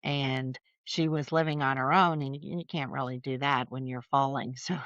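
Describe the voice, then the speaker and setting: A middle-aged woman, a podcast guest, telling family stories in a chatty, animated way with lots of fillers. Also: rumbling low, normal speed, no room sound, highs cut off. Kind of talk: casual storytelling conversation.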